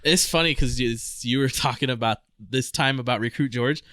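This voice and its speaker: A man's voice: medium pitch, moderate pace, pushed and bright, no echo. A man co-hosting a podcast in casual chat, easygoing and reactive, who often laughs. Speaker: podcast co-host.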